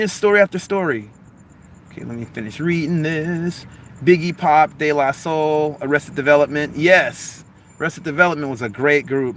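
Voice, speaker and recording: Bright-voiced man with a Long Beach accent. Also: fairly high pitch, a little hiss or hum. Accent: Long Beach, Los Angeles mix. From Los Angeles harbor area, USA. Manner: rambling, animated, frequent "like" and "man", chuckles. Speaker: live streamer, musician. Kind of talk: casual live-stream chat, reading comments aloud.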